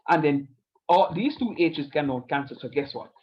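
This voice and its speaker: A man talks a math class through each step, patient and playful. His voice sits a little high, and the online recording sounds dull and lo-fi. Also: expressive, normal speed. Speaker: teacher.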